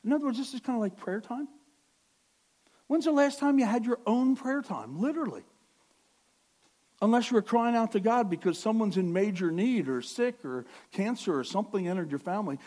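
Middle-aged male pastor, high and lively pitch, chatty sermon with self-corrections and sudden loud bursts. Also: brisk. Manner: animated, swings from quiet to near-shouting; self-correcting, conversational with asides.

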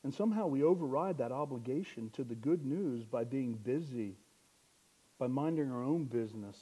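A young man preaching a sermon, building to loud, impassioned exhortation. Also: medium pitch, lively intonation, normal speed, breathy edge.

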